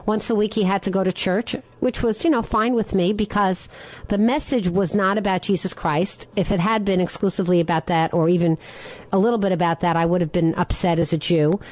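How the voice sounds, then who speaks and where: A middle-aged woman is hosting a talk radio show alone at the mic. She talks at an ordinary, mid pitch and speaks with firm opinions, and she often turns to her listeners with rhetorical questions. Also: fairly even intonation, brisk, darkish tone, dry recording, rough recording.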